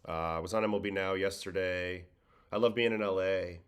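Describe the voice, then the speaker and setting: Man host with a faint New York-Boston accent, deep voice, relaxed and a bit worn out, casual livestream talk. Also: a little fast, clear, resonant tone. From Brooklyn, New York. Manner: relaxed, conversational, reads chat questions aloud. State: tired. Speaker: livestream host, former pitcher. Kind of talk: casual livestream chat answering viewers.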